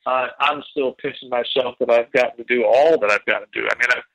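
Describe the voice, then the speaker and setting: A man answers podcast questions in an earnest, reflective way and stumbles over words as he begins a thought. His voice is bright and forceful. The recording is dry and close. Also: medium pitch, quick pace, dry recording, poor audio. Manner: earnest, reflective, repeats words as he starts sentences. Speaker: podcast guest, drummer. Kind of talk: casual interview chat.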